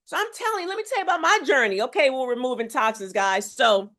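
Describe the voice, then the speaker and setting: A woman's voice: sits high, lively intonation, fast, fairly bright tone. A middle-aged woman from Houston, a health coach talking emphatically to her viewers, repeating phrases and calling out to them. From Houston, Texas. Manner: emphatic, preacherly, repeats phrases and calls on the audience. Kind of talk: live health challenge talk to viewers.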